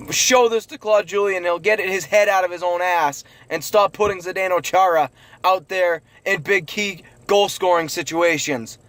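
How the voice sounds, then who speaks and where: A man hosting a sports recap show, ranting angrily and swearing in frustration. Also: high-pitched. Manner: angry ranting, profane, yelling.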